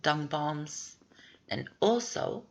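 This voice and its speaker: A woman's voice: deep voice, sing-song, extremely slow, darkish tone, slight background noise. A woman giving casual, rambling commentary over a video game walkthrough, thinking aloud as she plays.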